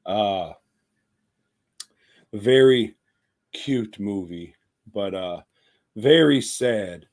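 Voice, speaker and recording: A man co-hosting a podcast, recommending movies with profane, deadpan jokes. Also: on the low side, very slow. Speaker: podcast co-host. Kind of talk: casual podcast chat.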